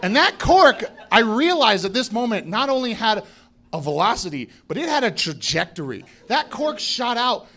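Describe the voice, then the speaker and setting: A male stand-up comedian from Colorado telling a story on a club stage, acting out quotes with animated bursts and shouts. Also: high-pitched, normal speed, slight background noise. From Colorado, USA. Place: comedy club stage before a live audience.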